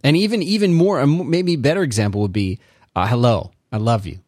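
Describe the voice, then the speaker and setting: A man's voice: mid-range voice, fairly quick, a little mellow, no room sound. A man co-hosting a podcast, chatting casually in a dry, teasing, laid-back way. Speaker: podcast co-host. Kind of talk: casual chat.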